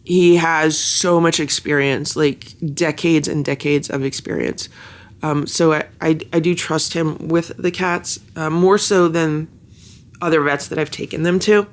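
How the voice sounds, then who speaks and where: A cat vlogger chatting casually at home, halting with many fillers and slipping into soft baby talk with the cats. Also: mid-range voice, fairly even intonation. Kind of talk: casual vlog chat.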